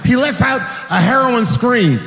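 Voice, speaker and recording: A man performing profane stand-up comedy on stage, acting out stories with shouted sound effects. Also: very high-pitched, measured pace, gravelly, soft background music. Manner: profane, animated, full of acted-out sound effects. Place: stage in a large hall. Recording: echoey hall, faint noise.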